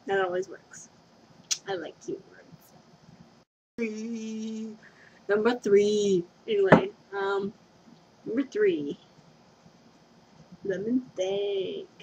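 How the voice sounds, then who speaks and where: On a dull lo-fi webcam with background noise, a young woman rambles through a casual confession vlog at home, giggly and scatterbrained and often losing her train of thought. Her medium-pitched voice is animated yet extremely slow, with vocal fry and frequent pauses.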